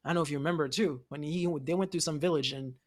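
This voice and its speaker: Animated laughing man talking anime. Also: a little high, rapid-fire. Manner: animated, laughs often, acts out characters' lines. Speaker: podcast co-host. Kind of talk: casual anime discussion.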